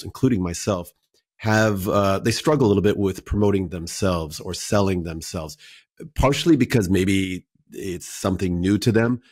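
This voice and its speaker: Low-voiced man hosting an interview, dry sound. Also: darkish tone, no room sound. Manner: measured, thoughtful questions with fillers. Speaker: podcast host. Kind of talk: interviewer conversation.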